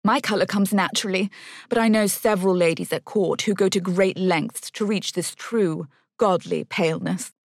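A woman's voice: mid-range voice, normal speed, dry recording, clean studio sound, close to an everyday voice. A woman voicing a vain, haughty noblewoman mother who coos her words. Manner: cooing, haughty.

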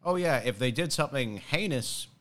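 A man's voice: mid-range voice, expressive, moderate pace, a bit bright. A young man hosting a podcast, chatting casually and rambling with many fillers. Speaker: podcast host. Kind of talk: casual chat.

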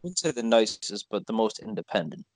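A man's voice: fairly low pitch, very animated, a little fast, no echo. A man co-hosting a movie review chat, his voice recorded dry and close with no room sound. He tends to answer in short, wry lines. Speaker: podcast co-host.

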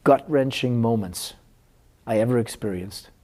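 A man's voice: medium pitch, a little slow, dark tone. A middle-aged man teaching a Talmud class as a rabbi, telling a painful counseling story in an earnest, emotional way.

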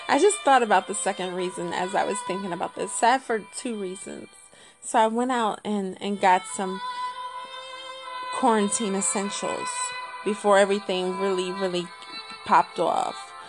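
A woman hosting a podcast, telling a story in casual chat with lots of repetition, jumping between low muttering and high, indignant exclaims. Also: measured pace, pauses often, music in the background. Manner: colloquial, repeats phrases. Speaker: podcast host.

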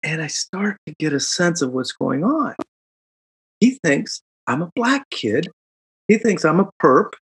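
Gravelly middle-aged man telling a story. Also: a little high. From Chicago, United States. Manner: reflective, animated retelling with quick laughs and fillers. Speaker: guest. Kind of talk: storytelling interview.

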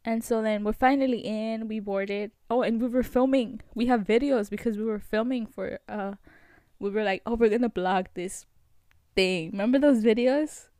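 A woman's voice: a little high, normal speed, no room sound, studio quality. Chatty young woman telling a story. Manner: chatty, animated storytelling with many fillers. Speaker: vlog host. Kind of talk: casual storytelling vlog.

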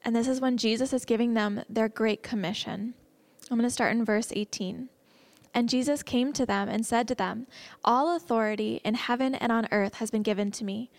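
A young woman with a slightly high voice gives a casual Bible-teaching sermon at a normal pace, reading verses and reflecting on them. She sounds earnest and conversational, now and then breaking into excited laughter. The recording is dry and close, with no room sound.

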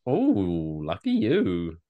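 A man's voice: low-pitched, wildly swooping pitch, extremely slow, phone-quality sound. A man co-hosting a comedy podcast, swearing often and announcing segments with mock drama. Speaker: podcast co-host. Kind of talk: casual comedic podcast banter.

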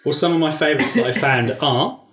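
A man's voice: fairly high pitch, fairly quick, loud music behind the voice. A man chatting casually with friends and reading his own story aloud in a dry manner. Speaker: podcast co-host reading his story chapter.

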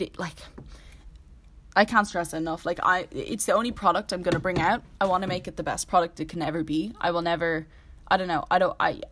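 A woman in her early twenties talking casually and earnestly as a solo host, rambling with constant "like" fillers. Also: lowish voice. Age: 20s. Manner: rambling, heavy use of "like", earnest. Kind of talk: casual solo podcast chat. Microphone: laptop.

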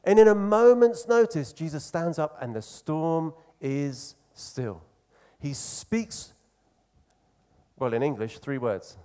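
A man preaching a sermon in an earnest, conversational way, slowing down to stress key phrases. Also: on the high side, expressive, mellow, clean tone.

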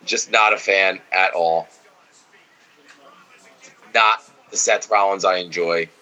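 A man's voice: low-pitched, fairly even intonation, takes it slowly, sharp tone, highs cut off. A man co-hosting a casual podcast, watching wrestling and giving blunt, opinionated takes full of swearing. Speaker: podcast co-host.

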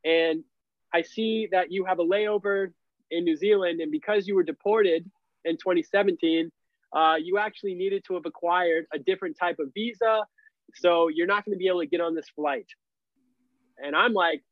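A man's voice: high voice, normal speed, dry recording. A young man telling a story casually as a podcast guest, leaning on "like" as a filler. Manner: animated, heavy use of "like" fillers. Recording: dull, lo-fi and dry.

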